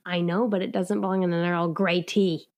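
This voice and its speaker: A woman in her thirties co-hosting a podcast in casual chat, upbeat and quick to laugh. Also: lowish voice, little pitch movement, a little mellow. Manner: upbeat, giggly. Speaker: podcast co-host.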